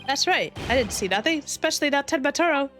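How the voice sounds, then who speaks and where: A woman's voice: high-pitched, expressive, fast talker, a bit bright, faint music behind, voice pushed up. A woman reading a nervous, bumbling male lackey from a game, hesitant and stammering. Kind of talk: fan voicing of game dialogue.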